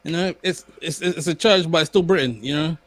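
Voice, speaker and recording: A young man co-hosting a podcast, chatting casually and telling stories in an animated, stammering way. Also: fairly high pitch, a little fast, a crowd in the background. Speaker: podcast co-host. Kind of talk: casual chat.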